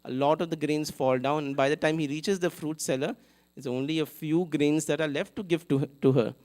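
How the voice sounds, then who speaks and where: Animated man telling a temple story. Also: on the high side, fairly quick. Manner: animated, acts out characters, asks audience questions. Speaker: temple speaker. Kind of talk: storytelling sermon. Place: temple hall. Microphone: live event mic.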